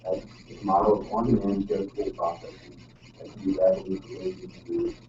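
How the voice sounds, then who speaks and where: A man presents a technical talk to an audience in a loose, chatty way, full of fillers and tag questions. His voice is low and mellow, picked up from a distance. The recording is muffled and dull, with faint background noise. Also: wildly swooping pitch, normal speed, echoey room. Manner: casual, full of ums and frequent "right?" tag questions. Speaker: presenter at a user group meeting. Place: meeting room.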